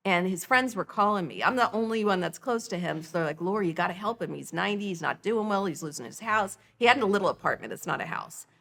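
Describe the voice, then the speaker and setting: Middle-aged woman telling her story on a podcast, gravelly voice, acts out all the dialogue. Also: medium pitch, fast, few pauses. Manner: animated, acts out quoted dialogue. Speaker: guest, nonprofit founder. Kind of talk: emotional personal storytelling.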